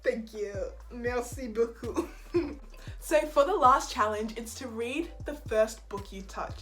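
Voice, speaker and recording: A woman's voice: a little high, takes it slowly, fairly bright tone, soft background music. A woman chatting casually to camera as a book vlogger, bubbly and often giggling at her own jokes.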